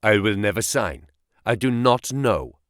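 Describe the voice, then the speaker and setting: A man voicing a starving, defiant captive, low, slow and stubborn. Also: expressive, a bit bright, dry recording, studio quality.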